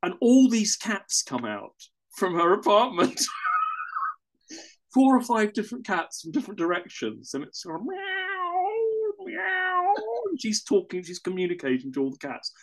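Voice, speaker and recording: A man's voice: high voice, big pitch swings, moderate pace. An English man telling a personal story in a casual, rambling way, often correcting himself mid-sentence. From England. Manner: rambling, self-correcting, with chuckles.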